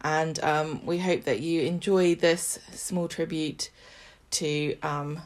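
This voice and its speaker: A woman co-hosting a relaxed podcast, chatting and laughing often as she reads from her notes. Her voice sits a little low for a woman. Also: takes it slowly. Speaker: podcast co-host. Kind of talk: casual podcast chat.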